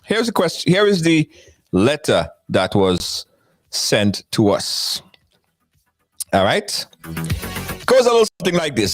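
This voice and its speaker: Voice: medium pitch, wildly swooping pitch, slow pace, pauses often, dry recording, clean studio sound, faint music behind. A live-stream host who chats casually and playfully, greets viewers by name and repeats phrases over and over.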